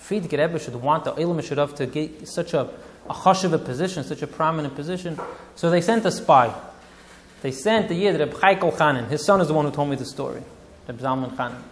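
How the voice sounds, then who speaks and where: A male rabbi recounts a story with drama and feeling, mixing in Yiddish and Hebrew terms. His speaking voice sits somewhat high for a man. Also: fast talker, slight background noise. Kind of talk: storytelling talk.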